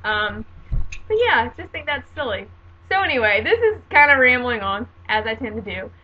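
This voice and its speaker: Late-20s woman rambling on her vlog, kinda high voice, laughs a lot, a bit sarcastic, dull home-video sound. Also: very animated, normal speed. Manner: chatty, laughs often, sarcastic asides. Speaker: vlogger. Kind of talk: casual chatty monologue.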